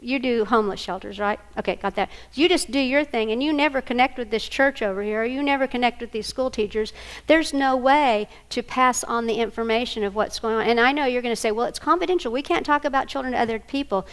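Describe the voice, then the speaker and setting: Animated grandmother presenting a workshop. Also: a little high, fairly quick, smooth. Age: older. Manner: animated, asks the audience questions. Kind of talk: live training talk.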